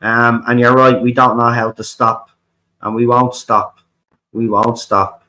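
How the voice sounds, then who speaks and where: A sharp-toned male voice in the mid range, with little pitch movement and a measured pace, comes through poor audio. He is an Irish livestream host in a fiery rant, cursing frequently, circling back over his points and repeatedly asking "right?".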